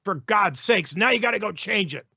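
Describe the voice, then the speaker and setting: A male host rants through the news in a high, sharp-edged voice, sarcastic and opinionated. The sound is dry and close, with a slightly muffled, lo-fi quality. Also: lively intonation, moderate pace, gravelly, slightly rough, no room sound. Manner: sarcastic, ranting. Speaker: talk show host.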